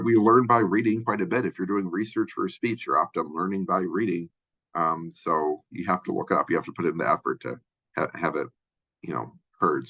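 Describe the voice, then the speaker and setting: A man from Minnesota with a Minnesotan accent and a deep voice, giving a casual college lecture full of fillers and restarts. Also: bright, forceful tone, slightly rough, dull audio. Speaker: college instructor. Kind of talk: lecture overview of a textbook chapter.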